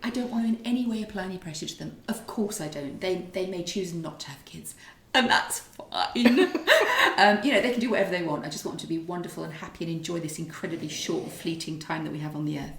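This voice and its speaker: A woman's voice: on the low side, quick pace, hardly any pauses. A middle-aged woman talks in an easy, rambling storytelling way. She often doubles back and restarts. Her voice carries the echo of a roomy kitchen. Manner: chatty, warm storytelling with restarts. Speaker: podcast co-host and author. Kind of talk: casual chat.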